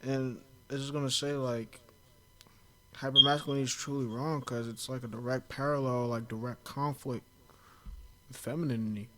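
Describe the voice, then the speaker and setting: A man's voice: mid-range voice, fairly even intonation, moderate pace, heavy background noise. Chatty male podcast host. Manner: chatty storyteller, many "like" fillers. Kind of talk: casual podcast conversation.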